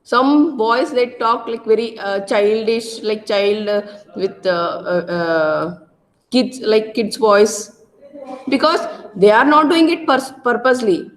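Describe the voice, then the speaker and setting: Loud Indian-accented woman lecturer. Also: a little high, slow pace. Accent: Indian English, Karnataka. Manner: loud, repetitive teaching style with tag questions. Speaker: college lecturer. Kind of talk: classroom lecture. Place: classroom.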